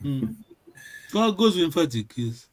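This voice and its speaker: A man teaching a language class in a halting way, repeating words and checking in with "yes?" again and again. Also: on the high side, very animated, a crowd in the background.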